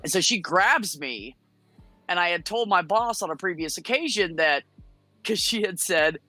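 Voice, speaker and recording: A woman's voice: on the low side, normal speed, dry recording, soft background music. Brash, foul-mouthed woman telling a story. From United States. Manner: blunt, profane, animated storytelling. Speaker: guest. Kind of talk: casual storytelling on a chat show.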